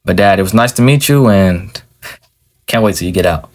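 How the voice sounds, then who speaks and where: A man's voice: deep voice, moderate pace, close to an everyday voice. A man doing a slangy fourteen-year-old boy. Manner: casual slang-heavy teen talk. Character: teenage boy, fourteen, casual slangy son. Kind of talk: amateur animated machinima role-play.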